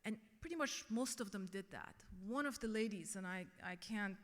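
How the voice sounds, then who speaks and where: A woman's voice: mid-range voice, animated, normal speed. A middle-aged woman giving a keynote speech and telling a personal story earnestly. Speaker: keynote speaker. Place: conference hall. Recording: long reverb of a large hall.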